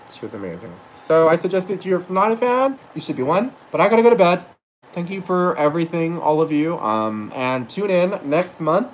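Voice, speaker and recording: A man's voice: fairly high pitch, slight background noise, poor audio. A man telling a story in a casual vlog, gushing and rambling, with restarts and casual swearing. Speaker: vlogger.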